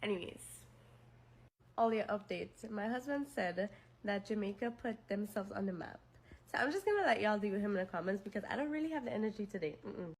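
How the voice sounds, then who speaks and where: A woman's voice: medium pitch, lively intonation, a little fast. A woman from the Caribbean, talking to camera in a sassy, scolding tone. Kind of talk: casual vlog rant.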